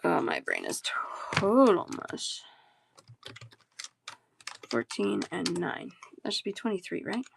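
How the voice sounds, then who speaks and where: A woman's voice: on the low side, wildly swooping pitch, slow, creaky, pauses often, background noise. A woman hosting a live bead sale, chatting casually, answering viewers and rattling off prices and sizes. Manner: chatty, reads chat aloud and rattles off prices. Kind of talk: casual live-stream sales chat.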